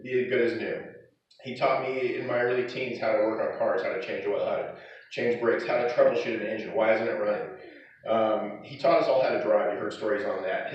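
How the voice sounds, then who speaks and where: A middle-aged man giving a eulogy for his father, telling fond stories with chuckles in between. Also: medium pitch. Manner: fond storytelling broken by chuckles. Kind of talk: eulogy with personal anecdotes. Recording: echoey hall, distant, dull.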